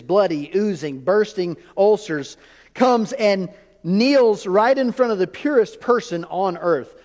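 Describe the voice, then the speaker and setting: A man preaching a sermon in a church, animated and full of rhetorical questions to the congregation. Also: high voice, in a large hall. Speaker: pastor. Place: church sanctuary.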